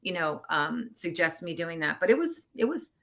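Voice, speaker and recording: A woman guest shares a personal story on a podcast. Her voice is bright and forceful, and she tells it animatedly, acting out the people she quotes. She grows teary as she talks. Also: lowish voice, moderate pace, creaky. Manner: animated, acts out quoted voices, laughs often. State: getting teary. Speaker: podcast guest, producer and actor. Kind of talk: casual storytelling interview. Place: Los Angeles.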